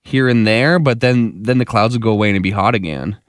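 A man's voice: on the low side, fairly quick, no echo, clean studio sound. Easygoing man on a radio show. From Canada. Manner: easygoing, jokey. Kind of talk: casual radio banter.

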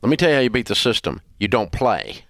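A man's voice: medium pitch, very animated, quick pace, fairly bright tone, no echo, studio quality. An older man hosting a radio advice show, blunt and scolding in an emphatic, repetitive way. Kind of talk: call-in advice show banter.

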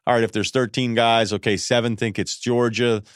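A man hosting a sports podcast, riffing in an animated, sarcastic solo monologue and mimicking people in quick voices. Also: mid-range voice, clear, resonant tone, no room sound, clean studio sound. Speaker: podcast host.

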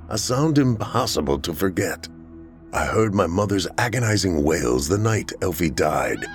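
A man narrating a first-person horror story in a dramatic way, acting out the frightened lines. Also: low voice.

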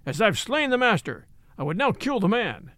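A man's voice: sits high, very animated, moderate pace, fairly bright tone, no room sound, clean studio sound, voice pushed up. A man doing a harsh-voiced cunning outlaw. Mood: scheming.

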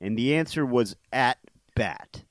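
Lively-voiced man chatting on a podcast. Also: mid-range voice, no room sound. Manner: chatty, quick to argue a point, laughs often. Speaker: podcast co-host. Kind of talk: casual chat about crossword clues.

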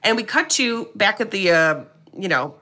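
A woman co-hosting a podcast, recapping a horror movie in animated, sarcastic casual chat with some swearing. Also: medium pitch, normal speed, very noisy. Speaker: podcast co-host.

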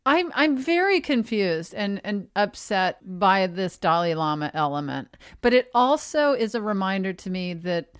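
A woman's voice: medium pitch, very animated, unhurried, hardly any pauses, smooth, no room sound, studio quality. A woman co-hosting a casual chat, wry and playfully indignant. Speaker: podcast co-host.

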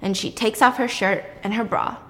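A young woman recapping a show in a casual, animated, chatty way, acting out the drama as she goes. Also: medium pitch, normal speed. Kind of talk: casual chat. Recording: long reverb.

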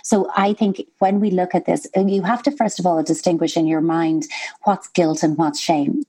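Woman, animated expert explaining. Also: lowish voice, normal speed, husky. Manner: animated, mimics voices when quoting. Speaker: psychotherapist guest. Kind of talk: expert conversation on a podcast.

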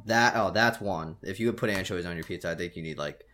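A man with a somewhat low voice co-hosts a relaxed podcast conversation. He strings his thoughts together in loose, run-on phrases padded with fillers. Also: fast. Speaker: podcast co-host. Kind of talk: casual chat.

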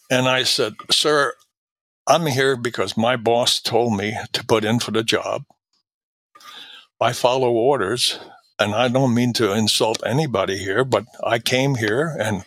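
A man's voice: medium pitch, fairly bright tone, no echo. An older man from Quebec, a guest in an interview, telling long anecdotes with many fillers and acting out quoted dialogue. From Quebec, Canada. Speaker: guest, retired drug agent. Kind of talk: storytelling interview.

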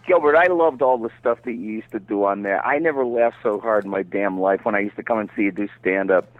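A man's voice: on the low side, quick pace, narrow, tinny audio, crowd noise. A man from Detroit, a voice actor guest telling jokey stories in a casual podcast chat. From Detroit, Michigan. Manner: animated, storytelling, jokey.

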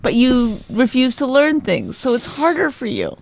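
A woman's voice: high voice, very animated, moderate pace, vocal fry, a little hiss or hum. A woman co-hosting a podcast, teasing and needling her partner in casual bickering chat. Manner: teasing, needling, laughs often. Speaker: podcast co-host.

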